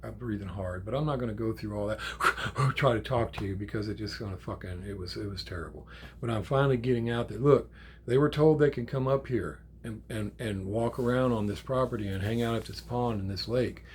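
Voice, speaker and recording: An older man, a grandfather, telling a story in a casual, animated way, with swearing and acted-out quotes. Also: fairly low pitch, fast, a little hiss or hum. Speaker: channel host.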